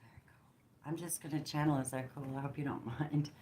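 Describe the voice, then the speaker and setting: Low-voiced woman channeling a tarot reading. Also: steady tone, fast. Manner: emphatic and preachy, swinging between hushed and forceful, with blunt swearing. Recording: roomy echo with faint background noise.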